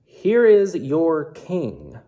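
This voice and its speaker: Man reading uneasy ancient governor, mellow and measured, lightly acted scripture reading. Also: on the high side, huge pitch swings, highs cut off, heavily acted. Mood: questioning. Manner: read aloud as scripture. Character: Roman governor Pilate, man, uneasy and pressed.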